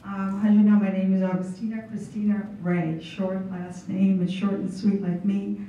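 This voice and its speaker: A woman's voice: mid-range voice, level tone, normal speed, dark tone. A woman in her thirties giving an emotional, unscripted thank-you speech as a student honoree. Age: 30s. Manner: heartfelt, emotional. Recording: echoey hall from far off, dull.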